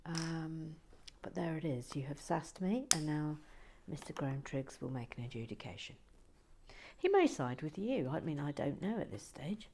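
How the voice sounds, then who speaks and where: A woman hosting a relaxing building video, talking softly with dry teasing humour, often close to a whisper, on a close mic. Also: deep voice, expressive, moderate pace, a little hiss or hum. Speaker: host.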